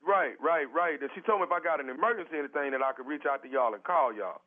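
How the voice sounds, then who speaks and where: A man puts on a pushy, pleading fellow stuck numb on a toilet and stretching every word in slang. His voice sits high for a man. It comes through a tinny phone line, as on a prank call. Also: close to an everyday voice. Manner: insistent, pleading, drawn-out slang. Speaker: prank caller.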